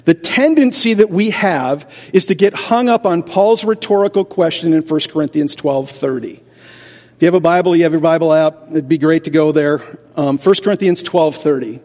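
Casting: male pastor, high voice, animated sermon delivery, rhetorical, long church reverb. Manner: animated, rhetorical questions, acts out doubters. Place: church sanctuary. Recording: reverberant large hall.

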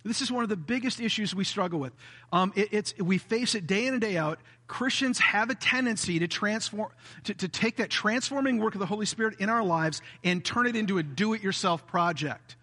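A man preaching in a church sanctuary, his voice high and bright. It rings out with a long hall reverb behind him. He preaches earnestly and sometimes slips into a mock self-righteous tone. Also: a little fast. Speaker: pastor. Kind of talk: sermon.

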